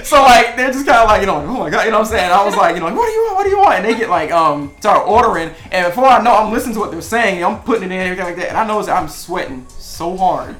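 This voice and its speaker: A man co-hosting a casual podcast, telling a work story with lively acted-out quotes and laughter. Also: high voice, rapid-fire, hardly any pauses, echoey room, faint music behind. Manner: animated, acts out quotes with laughs. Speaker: podcast co-host.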